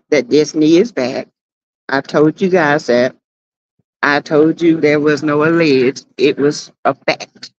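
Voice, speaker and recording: Speaking in a low register with lively intonation, this Southern US woman runs a casual livestream. She calls out chat members by name, sassy and full of stretched-out exclamations, over dull-sounding audio.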